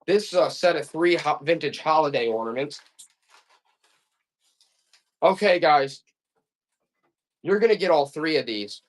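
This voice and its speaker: A man's voice: on the high side, lively intonation, unhurried, pauses often. A man selling vintage items on a live stream, chatting to viewers in a repetitive, hyped-up sales patter. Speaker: live auction seller.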